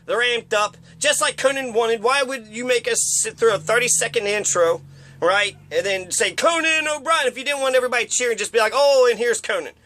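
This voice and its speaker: A man's voice: very high voice, a little fast, sharp tone. A man ranting in a rambling, profane, casual way, often mocking others with put-on voices. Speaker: commentator.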